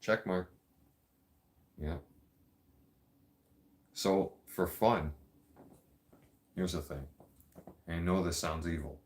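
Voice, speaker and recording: A man with a very low voice tells stories in loose, casual chat. He talks bluntly, swears freely and laughs as he goes, like a podcast host riffing with no script. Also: fairly even intonation, drawn-out words, pauses often. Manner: blunt, profanity-heavy, laughs often. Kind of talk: casual storytelling.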